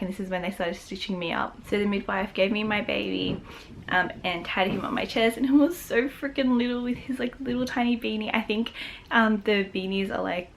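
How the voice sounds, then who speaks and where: A woman's voice: mid-range voice, a little hiss or hum. A young woman vlogger chatting casually and emotionally, rambling with lots of fillers. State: tearful. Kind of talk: casual chat.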